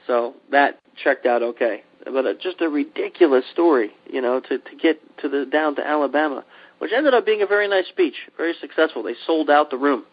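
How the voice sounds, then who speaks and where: A man from Pennsylvania hosts a casual podcast chat. He tells his story with animated energy and acts out the voices of the people in it. The sound is slightly muffled and lo-fi. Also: mid-range voice, brisk. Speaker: podcast host. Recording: dull lo-fi podcast audio.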